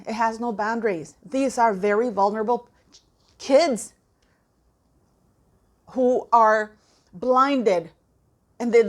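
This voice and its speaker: A woman giving impassioned, indignant commentary to her viewers, often repeating phrases for emphasis. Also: mid-range voice. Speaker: commentary vlogger.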